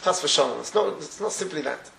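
High, lively man teaching Torah. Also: fairly quick, creaky, reverberant, low-quality recording. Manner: animated storytelling, laughs often. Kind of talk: Torah class.

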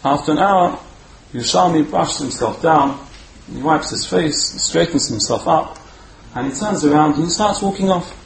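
A man giving a storytelling sermon as a Torah speaker, animated and repeating words for emphasis. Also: a little high, moderate pace, gravelly. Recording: roomy echo, faint background hum.

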